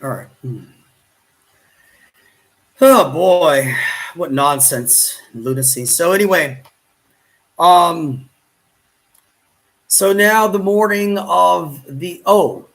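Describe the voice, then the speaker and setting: Roomy, distant man with a high voice. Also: takes it slowly, pauses often, fairly bright tone. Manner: repeats words, pleads over and over, grand wording. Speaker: YouTube vlogger. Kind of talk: self-narrated vlog, arguing off camera. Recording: roomy sound, mic far from the speaker.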